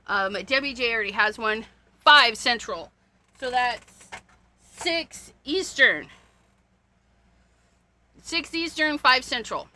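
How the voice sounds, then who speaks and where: A woman's voice: on the high side, takes it slowly, sharp tone. A woman hosting a casual card-making livestream, chatting to viewers while she rummages through paper and supplies, with frequent gasps and little laughs.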